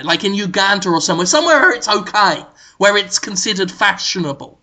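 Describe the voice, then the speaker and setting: A man hosting a casual comedic podcast, pitching absurd ideas in a mock-earnest deadpan. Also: brisk, hardly any pauses. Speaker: podcast host.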